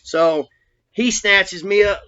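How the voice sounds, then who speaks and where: A man telling his own story in a rambling, profane, animated way. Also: high-pitched, slow, smooth. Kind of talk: casual storytelling. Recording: dull lo-fi recording.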